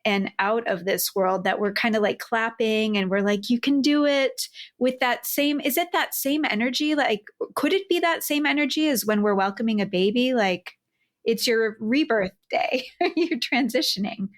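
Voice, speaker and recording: Higher-voiced woman musing aloud playfully. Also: moderate pace. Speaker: podcast co-host. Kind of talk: casual podcast chat.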